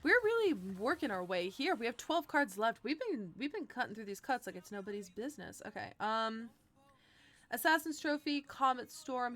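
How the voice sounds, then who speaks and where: Brief: young woman streamer, bubbly and giggly, voice sits on the higher side, faint music underneath. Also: fairly bright tone. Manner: bubbly, giggly, talks to chat. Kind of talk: casual live-stream chat.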